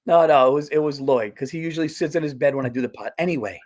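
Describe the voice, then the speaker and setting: An exasperated man co-hosting a podcast, ranting through a story in a somewhat high voice. He speeds up in bursts and gets loud when worked up. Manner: animated, exasperated, fast bursts. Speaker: podcast co-host.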